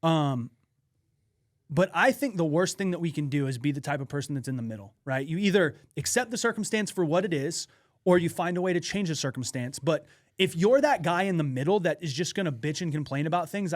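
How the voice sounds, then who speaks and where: This man co-hosts a laid-back podcast. He tells his stories in an animated, profane way, and his voice sits a little on the higher side. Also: brisk. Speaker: podcast co-host. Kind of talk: casual podcast chat.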